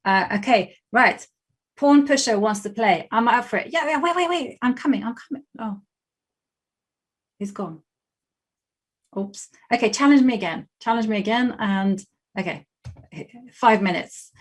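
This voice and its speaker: A woman's voice: on the high side, expressive, unhurried, pauses often. A young adult woman with a West London English accent, chatting casually and laughing often while she plays chess on a live stream and thinks aloud. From England.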